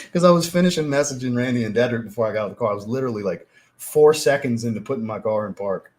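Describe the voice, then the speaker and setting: A man hosting a fragrance livestream, chatting casually, telling profane, animated stories and reading out chat messages. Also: mid-range voice, quick pace. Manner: animated, profane storytelling, reads chat aloud. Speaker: livestream host.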